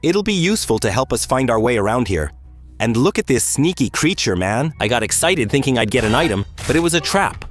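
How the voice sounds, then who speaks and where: Lively man narrating a game story. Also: medium pitch, a little fast, faint music behind. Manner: casual, lively recap with asides. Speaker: gaming YouTuber. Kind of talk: let's-play story narration.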